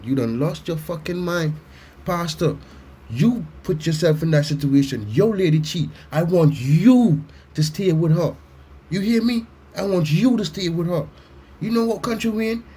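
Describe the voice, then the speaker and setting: A man giving a loud, blunt comic reaction rant, swearing and mocking as he talks. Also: on the high side, husky. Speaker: reaction commentator. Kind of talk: profane comedic reaction rant.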